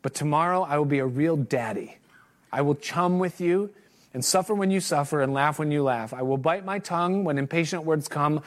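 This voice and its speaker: Middle-aged male preacher, earnest, slightly raised pitch, sermon delivery. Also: moderate pace. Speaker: pastor. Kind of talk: sermon with a read-aloud excerpt.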